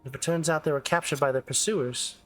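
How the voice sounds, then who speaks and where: An earnest young woman investigator speaks in a raised, measured voice, as a man reads her lines from a game. Her delivery is careful and sincere, set over faint game music. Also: fairly high pitch, fairly even intonation, pitched above the performer's own voice, lightly acted. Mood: grave. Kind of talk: reading game dialogue aloud.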